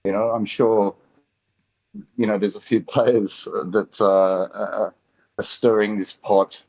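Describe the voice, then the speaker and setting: A man's voice: fairly low pitch, level tone, slow, darkish tone. A man with an Australian accent calling in to a live show, talking in a laid-back, rambling way. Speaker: caller. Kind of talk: casual phone-in chat. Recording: dull lo-fi call audio.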